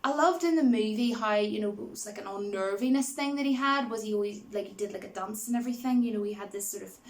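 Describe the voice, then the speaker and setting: A woman chats her way through a movie review in a loose, rambling manner, padding her sentences with fillers. Her voice sits at an ordinary middle pitch, and she laughs easily as she retells favourite scenes. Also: fast talker. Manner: rambling, many fillers like "you know" and "like". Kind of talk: casual spoken film review.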